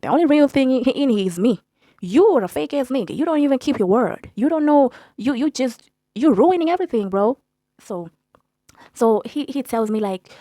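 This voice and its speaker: A young woman telling a story in a blunt, profane, animated way as a storytime vlogger. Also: on the high side, normal speed, no room sound. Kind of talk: casual storytelling.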